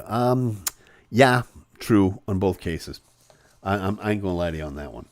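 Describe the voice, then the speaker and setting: A man's voice: fairly low pitch, lively intonation, dry recording, clean studio sound. A male host in casual live-stream chat, reading comments and talking with many fillers and restarts. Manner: chatty, halting with fillers and restarts.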